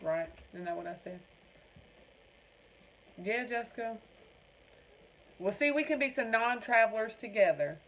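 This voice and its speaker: Her voice is a little high, animated and fairly bright, moving slightly slowly with frequent pauses. This Southern-accented host from North Carolina runs a craft livestream, chatting in a folksy manner and addressing viewer comments by name, in a rough recording.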